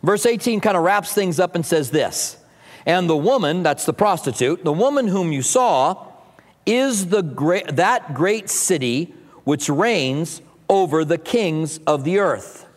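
A man preaches to his congregation with a fairly high voice. He teaches in an easy, conversational way, breaking off for humorous asides before returning to his point. His voice rings out with long reverb through the church sanctuary. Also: expressive, unhurried. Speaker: pastor. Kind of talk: sermon.

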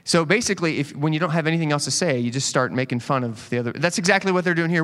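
A man preaching a casual, conversational sermon as a pastor, animated and quick to joke with the congregation. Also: fairly high pitch. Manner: animated, joking asides to the congregation. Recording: long hall reverb.

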